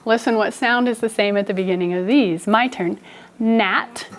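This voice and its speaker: A woman teacher giving a phonics lesson in a classroom, speaking slowly and enunciating every sound deliberately. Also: mid-range voice, crowd noise.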